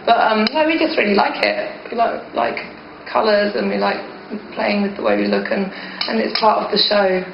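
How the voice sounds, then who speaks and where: A woman's voice: mid-range voice, animated, moderate pace, gravelly, few pauses. A woman in a band, chatting casually in an interview, often laughing and joking. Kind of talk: casual chat. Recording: muffled, noisy, echoey old recording.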